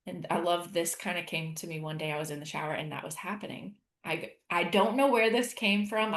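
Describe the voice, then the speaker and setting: Woman life coach, podcast guest; earnest, lively delivery, lower pitch, echoey room. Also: moderate pace. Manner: earnest, animated, acts out her inner voice. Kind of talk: podcast conversation.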